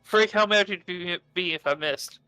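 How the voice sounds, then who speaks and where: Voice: mid-range voice, normal speed, pushed and bright, clear, resonant tone, no echo, soft background music. A player in a tabletop game, declaring actions plainly and matter-of-factly. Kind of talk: casual tabletop game play.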